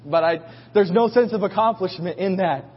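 A man's voice: high voice, normal speed, slightly rough. A man preaching a sermon as a pastor, telling the story in a casual, folksy way and acting out voices. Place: church. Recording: muffled recording in a reverberant hall.

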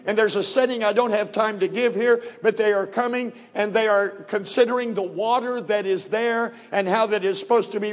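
High-voiced man preaching in a hall. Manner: emphatic, swings from slow weighty phrases to quick asides. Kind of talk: sermon. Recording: long hall reverb.

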